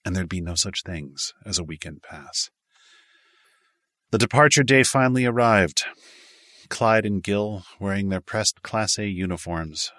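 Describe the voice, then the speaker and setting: A man's voice: low voice, pushed and bright, no echo, clean studio sound. A man reading a story aloud as an audiobook narrator, lightly varying his voice for the characters' dialogue. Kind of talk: scripted narration.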